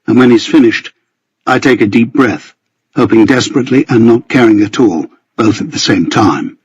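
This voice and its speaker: A man with a husky voice narrating a first-person novel in a measured storytelling manner. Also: medium pitch, no echo, dull audio. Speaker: audiobook narrator.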